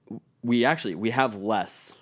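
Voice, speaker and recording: A man's voice: fairly low pitch, moderate pace, a bit bright. A middle-aged man, a pastor co-hosting a podcast, telling their story candidly and reflectively in casual conversation with his wife.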